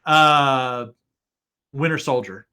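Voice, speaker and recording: Middle-aged male host, bright tense voice, excitable rambling fan energy. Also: medium pitch, extremely slow, clear, resonant tone. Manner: enthusiastic, rambling fan talk. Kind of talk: casual chat.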